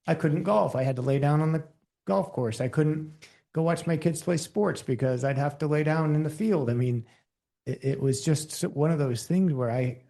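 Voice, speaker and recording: A man's voice: a little high, normal speed, creaky, warm tone. A man hosting a podcast, talking casually and personally, with many restarts. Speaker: podcast host. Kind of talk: casual conversation.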